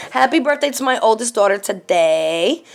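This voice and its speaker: A middle-aged woman with a gravelly voice giving a casual tarot reading, blunt and outspoken, going from murmurs to animated storytelling. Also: fairly high pitch, a little slow. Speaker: tarot reader and channel host.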